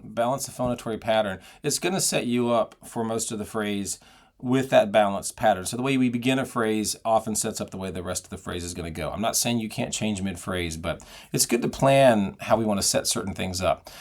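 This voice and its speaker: A man's voice: lowish voice, a little fast. A middle-aged man giving a singing lesson, explaining and demonstrating vocal technique. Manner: explanatory, demonstrates sounds and sung phrases. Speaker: singing voice teacher.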